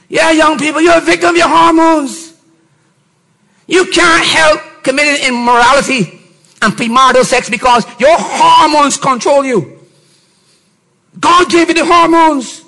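A middle-aged man, a pastor, preaching a sermon and often rising to shouted emphasis with mocking put-on voices. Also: very high voice, fairly even intonation, unhurried, pauses often, low-quality recording.

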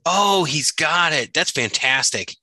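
A man hosts a loose podcast chat with a very bright, forward tone. His voice sits in a middle range and sounds close and dry. He jokes around and laughs easily. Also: on the high side, lively intonation, measured pace, dry recording. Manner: laughs often, joking banter. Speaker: podcast host. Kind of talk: casual chat.

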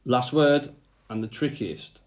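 A man's voice: medium pitch, measured pace. A man teaching a phonics lesson to young children, speaking patiently and sounding out letters one by one.

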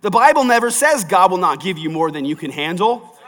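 A man delivers a sermon with a slightly high voice that carries a long reverb tail, as if heard in a large hall. He reads scripture, then talks it over with the listeners in a plain conversational way, pressing firmly when he makes his points. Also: very animated, brisk, fairly bright tone. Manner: conversational preaching, rising to emphatic. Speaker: pastor.

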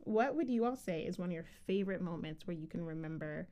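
A woman's voice: lowish voice, lively intonation, fast talker, warm tone. A woman hosting a faith podcast, asking questions and sharing stories in a chatty way. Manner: chatty, with frequent fillers and restarts. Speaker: podcast host. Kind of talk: casual faith podcast chat.

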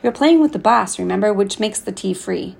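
A weary young Turkish hotel keeper, kindly and teasing in his easy way, as a woman reads him aloud. The voice carries a gravelly, creaky edge, and the delivery is relaxed and conversational, like a storybook read at home. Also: medium pitch, fairly quick, full character voice.

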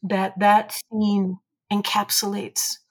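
A woman guest on a podcast, reading a passage aloud and then reflecting on it in an earnest, measured way. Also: medium pitch, little pitch movement. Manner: earnest and measured, with halting restarts when telling a personal story.

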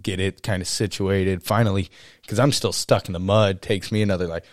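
A man's voice: deep voice, fairly even intonation, brisk, dry recording, clean studio sound. A young man co-hosting a podcast, telling a long story in a rambling, casual way with lots of "you know" and "uh". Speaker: podcast co-host.

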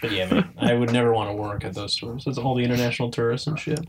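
A man's voice: medium pitch, quick pace, slight background noise. A young man chatting with friends, blunt and profane in his banter. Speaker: friend, store worker. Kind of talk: casual chat.

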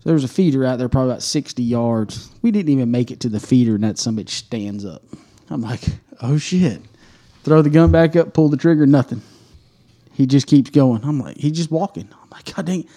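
Male co-host; warm, dark tone; animated, profane storyteller. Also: medium pitch. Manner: animated storyteller, swears freely, laughs mid-story. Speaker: podcast co-host. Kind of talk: casual hunting story.

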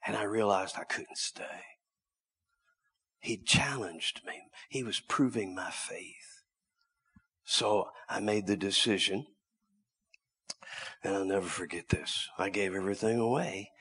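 A male preacher telling a story in a sermon, dramatic, swinging from loud cries down to hushed whispers. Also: fairly low pitch, a little slow, long pauses, slightly rough.

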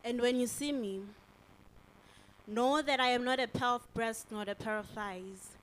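A woman's voice: a little high, a little slow, slight background noise, poor audio. A woman performing spoken-word poetry at a live event, delivering her lines in a rhythmic, declamatory way. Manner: rhythmic, declamatory, building emphasis. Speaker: performance poet. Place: live venue with audience.

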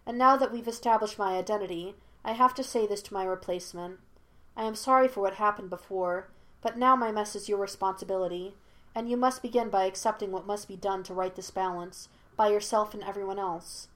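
A woman voicing the stern, cool spirit of an old man who was a past Avatar, lecturing in measured tones. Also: mid-range voice, fairly even intonation, fairly bright tone, close to an everyday voice.

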